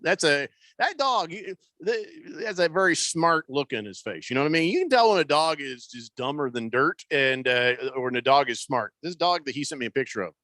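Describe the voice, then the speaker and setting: A man's voice: medium pitch, sharp tone, dry recording. A man hosting a sports radio show in casual chat, rambling loosely with plenty of fillers and restarts. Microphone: studio microphone.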